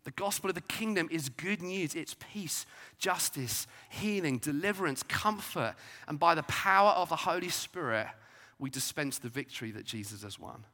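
A man preaching a sermon, emphatic, rising to loud declarations and dropping to soft asides. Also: fairly high pitch, animated, moderate pace. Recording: long hall reverb.

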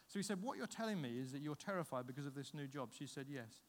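A man delivers a sermon with animated storytelling, slipping into the voices of the people in his stories. His voice sits a little high for a man. The sound carries the long reverb of a large hall. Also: fast, hardly any pauses. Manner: animated storytelling, acts out dialogue. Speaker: pastor.

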